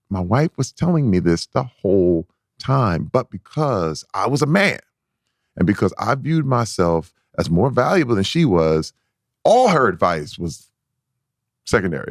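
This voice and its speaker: A man guest on a podcast, telling a candid personal story in an animated, emphatic way, often restarting and repeating words as he goes. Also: moderate pace, dry recording, studio quality. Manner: animated, acts out his own past voice in a squeaky high pitch.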